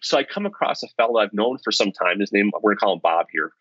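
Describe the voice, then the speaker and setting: Middle-aged guy telling stories, bright husky voice, dull lo-fi sound. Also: lowish voice, fast talker, no room sound. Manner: animated, self-deprecating storyteller. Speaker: guest, economics professor. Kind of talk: storytelling in conversation. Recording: dull lo-fi podcast audio.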